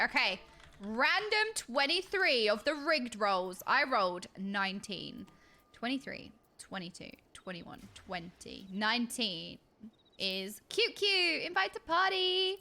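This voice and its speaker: A woman's voice: a little high, lively intonation, slow, bright, forceful tone. A young woman streaming a game, chatting playfully and chanting silly words in a sing-song way. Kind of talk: casual live-stream chatter.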